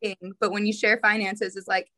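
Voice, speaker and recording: A young woman co-hosting a podcast, chatting in a relaxed, reflective way with frequent fillers. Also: medium pitch, brisk. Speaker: podcast co-host. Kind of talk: casual chat.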